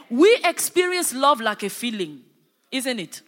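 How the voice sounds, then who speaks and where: A woman's voice: high-pitched, very animated, unhurried, a bit bright. A woman preaching a sermon with impassioned emphasis that swells and drops, calling out to her congregation. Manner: impassioned, rising and falling emphasis with call-and-response. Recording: hall with long reverb.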